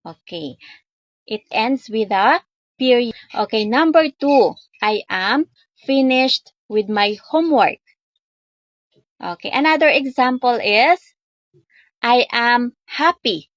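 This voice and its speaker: A woman with a Filipino accent giving a grammar lesson as a student teacher, speaking deliberately and opening most phrases with "okay", mixing English and Tagalog. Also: a little high, animated, dry recording, lo-fi sound. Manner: switches between English and Tagalog.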